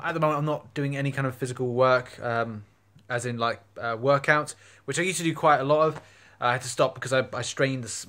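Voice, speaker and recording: A man's voice: mid-range voice, fairly bright tone, no echo. A man vlogging on a phone, talking casually and rambling with lots of fillers and restarts. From England. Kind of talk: casual vlog talk to camera. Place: outdoors in a park. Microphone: phone camera.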